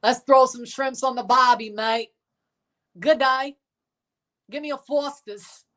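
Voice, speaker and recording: A man doing an exaggerated, clowning fake Australian bloke voice, bouncy and high above his usual tone. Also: fairly even intonation, slow, pushed and bright, exaggerated voice. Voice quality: bouncy, clowning put-on accent.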